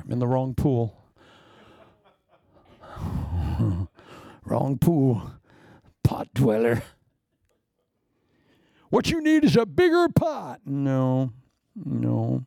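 Gravelly middle-aged male pastor, joking. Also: mid-range voice, warm tone, dry recording, clean studio sound. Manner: joking, conversational, with laughing asides. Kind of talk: sermon.

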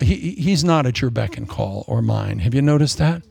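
A man preaching a sermon in a lively, jokey way, acting out quotes in different voices. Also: medium pitch, brisk, gravelly, few pauses, breathy edge. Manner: animated, jokey, acts out quotes.

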